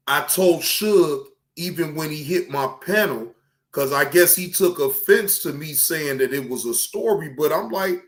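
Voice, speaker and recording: A man's voice: on the high side, expressive, a little slow. A man hosting his channel, angrily ranting at a rival and swearing freely as he talks straight to him. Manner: angry, profane, addresses a rival directly. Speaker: streamer and channel host. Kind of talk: heated reaction rant.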